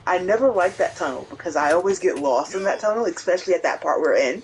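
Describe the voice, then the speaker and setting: Animated, swearing man telling a story. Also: sits high, quick pace, rough recording. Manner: animated, swears freely, talks to himself in retellings. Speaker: gaming co-host. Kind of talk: casual storytelling chat.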